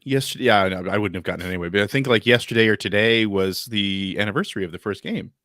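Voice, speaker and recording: A man's voice: on the low side, fast, a bit bright, no room sound. A man co-hosting a podcast in casual chat, making dry joking asides. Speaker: podcast co-host.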